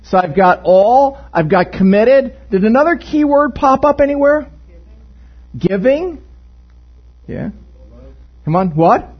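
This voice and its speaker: Joking high-voiced man preaching a sermon. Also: sing-song, takes it slowly, pauses often, slightly rough, muffled recording. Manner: conversational, joking, asks the congregation questions. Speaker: pastor. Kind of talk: interactive sermon. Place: church sanctuary.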